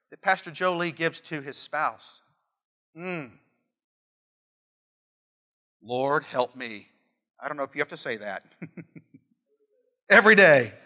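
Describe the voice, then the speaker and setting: A man's voice: high voice, bright, forceful tone. A middle-aged man preaching a sermon, earnest and emphatic, repeating key phrases and telling family stories. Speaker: pastor.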